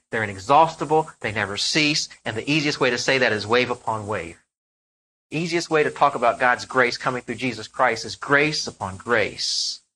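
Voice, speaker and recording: A man's voice: mid-range voice, pushed and bright, low-quality recording. A man preaching a sermon as pastor, reading scripture aloud and explaining it verse by verse, with emphatic swells of volume on key words.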